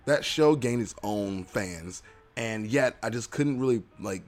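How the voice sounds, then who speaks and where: A man's voice: fairly low pitch, unhurried, soft background music. A young man hosting a casual solo podcast. He talks in a rambling, self-mocking and playful way. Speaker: podcast host.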